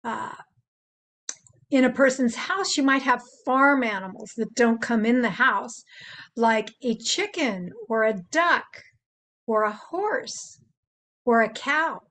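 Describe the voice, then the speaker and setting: An older woman presenting to children in a gentle, playful teaching manner, stopping to imitate animal sounds. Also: fairly high pitch, slow pace. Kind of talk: gentle instructional talk to children.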